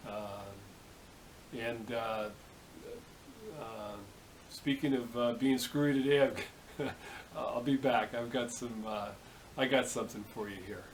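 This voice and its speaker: A man's voice: medium pitch, slow pace, long pauses, a little hiss or hum, rough recording. A man hosting a casual workshop vlog, talking in an easygoing, rambling way with many fillers. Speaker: workshop video host. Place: home workshop.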